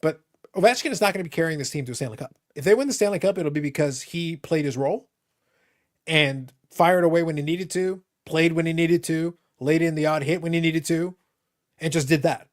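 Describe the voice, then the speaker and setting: A man from Canada hosts a relaxed live podcast. His voice sits a little high for a man, and his talk is animated and full of jokes, often running over his co-hosts. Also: a little fast. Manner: animated, jokey, talks over others. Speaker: podcast host. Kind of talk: casual chat.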